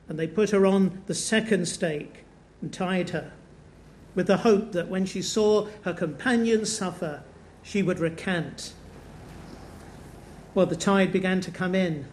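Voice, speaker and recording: Man, preacher, sermon, earnest storytelling, high voice, slows for emphasis. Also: darkish tone.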